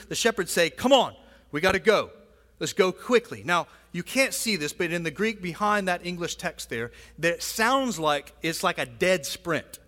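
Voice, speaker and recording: A man's voice: high-pitched, fairly bright tone. A man preaching a sermon in a church, talking conversationally with frequent asides and "right?" checks to the congregation. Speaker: pastor. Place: church sanctuary. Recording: long hall reverb.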